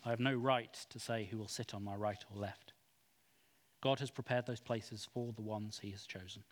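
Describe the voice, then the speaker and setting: A man reading the lines of Jesus as a calm, grave male teacher, speaking in a hushed, measured way. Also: lowish voice, pitched below the performer's own voice, lightly acted. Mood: solemn. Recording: long hall reverb.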